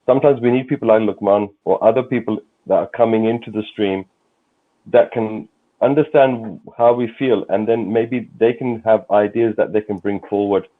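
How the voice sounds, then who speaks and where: A man's voice: fairly low pitch, fairly even intonation, normal speed. A man, a guest on a football fan livestream, speaking courteously and repeating words as he goes. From London. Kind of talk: casual livestream chat. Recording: tinny phone-like call audio.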